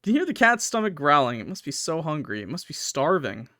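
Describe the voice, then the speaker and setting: A man's voice: a little high, big pitch swings, fairly quick, sharp tone, dry recording, clean studio sound. Young man reading game text dramatically. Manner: swings between dramatic reading and swearing asides. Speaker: gaming YouTuber. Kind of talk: let's play commentary, reading game text aloud.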